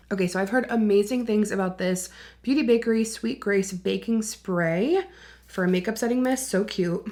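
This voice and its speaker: A woman's voice: mid-range voice, normal speed. Chatty young woman doing makeup. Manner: chatty and candid, drifting into soft whispers while applying makeup. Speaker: beauty vlogger. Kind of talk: casual get-ready-with-me chat.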